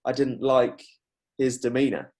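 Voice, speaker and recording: A man in a mid-range voice hosts a casual podcast. He chats freely, agrees quickly and tells anecdotes peppered with "like.". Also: mid-range voice, a little mellow. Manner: chatty storyteller, full of "like" and quick agreement. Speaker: podcast host.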